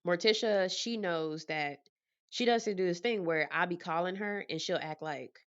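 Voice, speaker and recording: A woman vlogger chatting casually to camera from her apartment, telling animated stories and laughing often. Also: on the low side, moderate pace, clear, resonant tone, dull audio.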